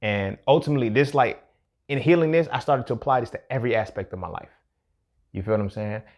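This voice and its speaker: This time the host's medium-pitched voice is fast and a little mellow. He delivers a casual, reflective personal monologue laced with profanity and streetwise talk, frequently tossing in "you feel me."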